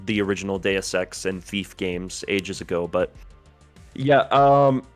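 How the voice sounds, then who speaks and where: A man with a fairly low voice speaks on a casual podcast. He talks in a thoughtful, detailed way and sometimes stops to search for a name. Faint music plays behind him. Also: a little slow. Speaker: podcast co-host. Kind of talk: casual chat.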